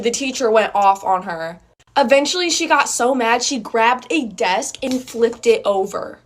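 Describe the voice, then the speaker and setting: A woman's voice: high voice, fairly bright tone. A woman telling a school story in a chatty, slangy way. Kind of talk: casual storytime.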